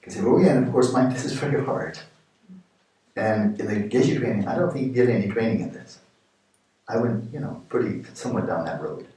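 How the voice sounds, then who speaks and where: A man in his sixties giving a meditation retreat talk, explaining with playful everyday examples and sudden lively jumps in pitch. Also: a little fast. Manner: animated, playful examples, rising pitch for jokes. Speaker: meditation teacher. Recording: echoey hall from far off.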